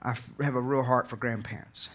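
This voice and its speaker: A man from Virginia preaching a sermon in an earnest, conversational way, dropping low and quiet and then building to fervent peaks. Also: steady tone, fairly quick. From Virginia, USA. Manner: conversational storytelling with repeated words and restarts.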